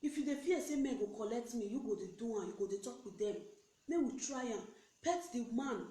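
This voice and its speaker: A young Nigerian woman urging other women to join her business in an animated, preachy rant, switching between pidgin and English. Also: fairly high pitch, fast. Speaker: network marketing recruiter. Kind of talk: motivational live video rant. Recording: echoey room.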